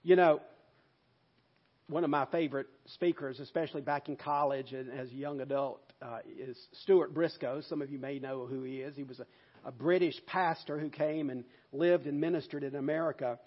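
A male pastor preaching a sermon in an emphatic way, with loud bursts for stress. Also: a little high, fairly even intonation, normal speed, highs cut off.

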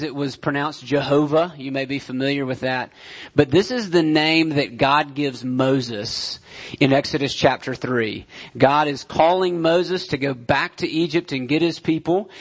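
A man, a pastor, preaching a sermon in a measured way, repeating key phrases for emphasis, with frequent "uh" fillers. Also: a little high.

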